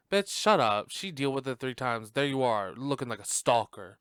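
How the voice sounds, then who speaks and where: Man, podcast host, sassy movie reaction, swears a lot, laughs often, smooth voice, dry close sound. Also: medium pitch, very animated, normal speed, fairly bright tone, no room sound. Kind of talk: casual movie reaction commentary.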